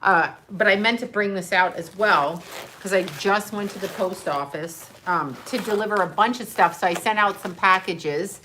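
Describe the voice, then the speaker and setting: Bright-voiced chatty woman streaming live. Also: medium pitch, normal speed, a little hiss or hum. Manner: chatty, scattered and effusive. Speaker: livestream host. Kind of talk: casual live-stream chat.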